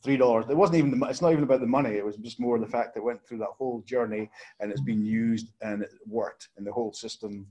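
A man's voice: mid-range voice, fast talker, darkish tone, lo-fi sound. A man, a startup co-founder, talking enthusiastically in a casual webinar and repeating words as he thinks aloud.

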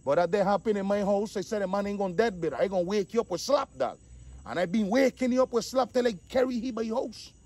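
A man, animated casual storytelling, acting out the voices of the people in his story. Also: high voice, fast. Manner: animated, acts out quotes, repeats 'dog'.

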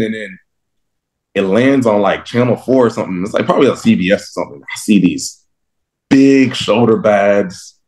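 A young man from Texas with a low, deep voice tells stories from his football life in a relaxed interview. He is animated, laughs often and acts out his younger self in his own words. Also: normal speed. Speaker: guest, professional football linebacker. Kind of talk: casual interview storytelling.

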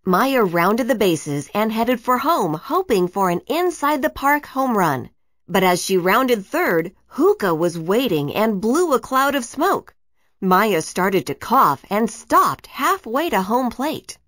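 Woman narrator, children's storybook, animated, swooping pitch, dry close sound. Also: slow, no room sound. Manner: expressive, animated.

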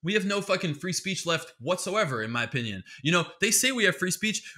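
A man's voice: high-pitched, lively intonation, fairly quick, hardly any pauses, pushed and bright. A man hosting a podcast, ranting in a heated, sarcastic comedic monologue full of swearing. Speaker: podcast host.

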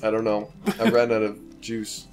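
A man's voice: on the low side, monotone, moderate pace. A young man casually commentating a video game with a friend, joking, teasing, and swearing freely. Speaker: let's play co-host.

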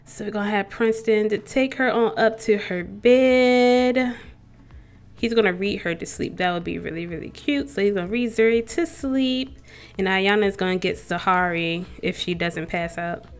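A woman's voice: medium pitch, normal speed. A young woman gives casual gameplay commentary as a let's play host, chatting to her characters and to viewers.

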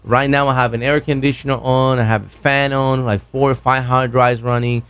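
A man's voice: mid-range voice, flat delivery, normal speed, fairly bright tone, clear, resonant tone, dry recording. Man in a home studio, loose and enthusiastic, talks gear, trips over his words, close on a broadcast mic. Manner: rambling, self-correcting, enthusiastic. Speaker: podcaster reviewing microphones. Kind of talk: casual gear review. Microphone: broadcast dynamic mic, close.

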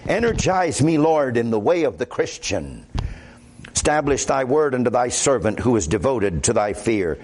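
A man's voice: medium pitch, big pitch swings, moderate pace, darkish tone, slight background noise. A man with a Midwestern American accent preaching a sermon as pastor, conversational and quoting scripture aloud.

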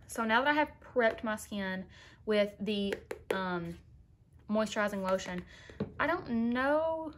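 A young woman talking casually to viewers in a makeup tutorial, chatty and sassy, calling them girl. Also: mid-range voice. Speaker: beauty vlogger.

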